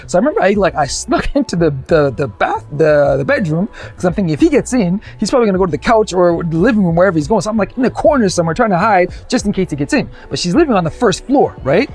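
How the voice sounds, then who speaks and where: Animated male storyteller from Canada. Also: sits high, quick pace, hardly any pauses, breathy edge, faint music behind. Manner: animated, acts out the people in his stories. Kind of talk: comic storytelling monologue.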